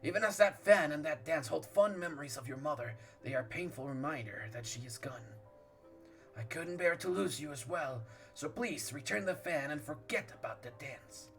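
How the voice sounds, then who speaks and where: A man voicing a stern, regretful older noble father in a low, subdued voice. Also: animated, normal speed, creaky, faint music behind.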